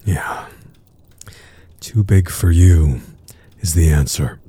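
A man voicing a dominant, teasing adult man in an audio role-play, murmuring low taunts with breathy grunts. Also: takes it slowly, warm tone, full character voice. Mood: taunting.

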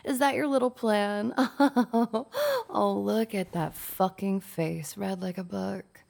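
A woman playing a gravelly, teasing lady boss. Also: medium pitch, fairly even intonation, measured pace, darkish tone. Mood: teasing, domineering. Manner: mocking, teasing and bossy. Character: domineering, teasing young woman company boss. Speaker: audio role-play performer. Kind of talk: intimate audio role-play.

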